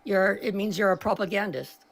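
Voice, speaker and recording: Brief: adult woman caller, gravelly, losing her voice, argumentative, interrupts constantly. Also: mid-range voice, normal speed. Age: older than 30. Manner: argumentative, talks over the host. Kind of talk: heated political argument.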